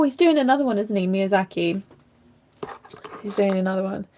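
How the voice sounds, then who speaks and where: A woman's voice: medium pitch, a little mellow. A young British woman vlogger chatting casually and rambling, with many fillers and asides, while rerooting a doll. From Britain.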